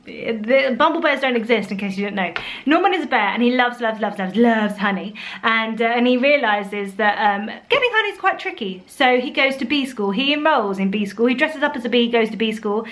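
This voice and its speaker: A young woman chatting casually about her favourite bedtime picture books, animated, with playful put-on voices. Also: a little high, fairly quick. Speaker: vlogger reviewing children's books. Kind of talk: casual chat.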